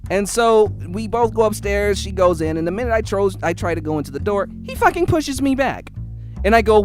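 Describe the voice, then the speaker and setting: A man's voice: sits high, fairly quick, faint music behind. A young man telling a personal story in a casual, heated and profane way. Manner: heated, profane, animated retelling.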